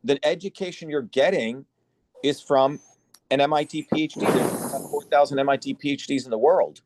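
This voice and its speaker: A man hosting an online symposium, lecturing forcefully and bluntly over a video call, swearing for emphasis. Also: fairly high pitch, moderate pace, a little hiss or hum. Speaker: symposium host and educator.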